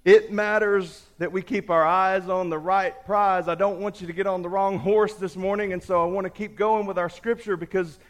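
A man preaching a sermon, telling a story with lively voices for the characters before turning to scripture. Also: sits high, normal speed, few pauses. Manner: animated storyteller, acts out the characters. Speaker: pastor.

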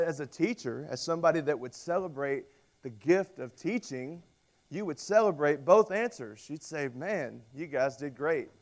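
Man, pastor, sermon, storytelling, animated delivery. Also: a little high. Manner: storytelling with dramatic voiced quotes; animated, rising loud on emphasis.

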